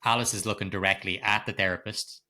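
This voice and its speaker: A middle-aged man, co-hosting a podcast and retelling a film scene in animated, laugh-filled detail, swearing freely. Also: fairly low pitch, quick pace. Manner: animated storytelling, heavy swearing, frequent laughter. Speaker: podcast co-host. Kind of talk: casual film-recap chat.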